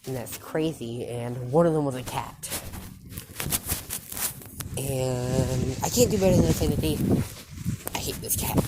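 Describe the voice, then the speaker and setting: A woman telling an improvised fan story in a halting, loose way, with quick quoted lines. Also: extremely low pitch, heavy background noise.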